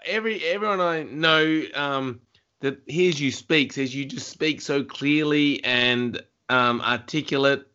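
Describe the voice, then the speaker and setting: Male host, slightly high voice, slow and deliberate, dull lo-fi sound, playful teasing. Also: bright, forceful tone, clean tone. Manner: teasing, giggles at own facts. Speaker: podcast host. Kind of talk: casual chat.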